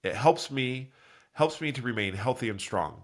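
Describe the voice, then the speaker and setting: A man's voice: animated, moderate pace. A man hosting a solo podcast, talking earnestly and in a rambling way while congested from a cold, correcting himself and acting out quoted voices. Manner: acts out quoted voices with big pitch jumps. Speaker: podcast host. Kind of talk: solo motivational talk.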